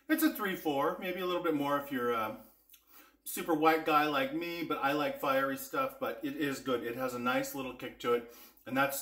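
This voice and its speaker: A man's voice: medium pitch, a bit bright, echoey room. A man hosting a casual cooking vlog, chatting with viewers and tasting spice blends with eager enthusiasm. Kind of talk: casual taste-test vlog.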